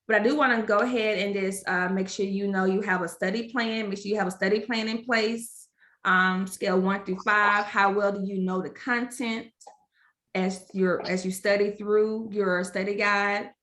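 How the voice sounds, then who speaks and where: Woman workshop presenter, bright tone, roomy echo, conversational, encouraging. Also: medium pitch, steady tone, moderate pace. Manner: encouraging, conversational, many fillers. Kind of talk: informal workshop teaching.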